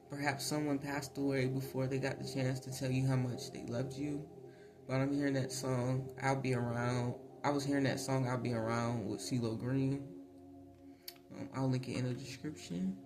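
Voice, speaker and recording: A man giving a casual spiritual tarot reading, chatty, laughing often and filling pauses with ums. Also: mid-range voice. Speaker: tarot reader. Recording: voice over clear background music.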